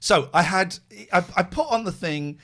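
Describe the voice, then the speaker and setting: A man's voice: sits high, normal speed. A male podcast host telling rambling anecdotes in casual chat, acting out both sides of quoted conversations and often correcting himself mid-sentence. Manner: animated, acts out quoted dialogue in other voices; rambling with restarts and self-corrections.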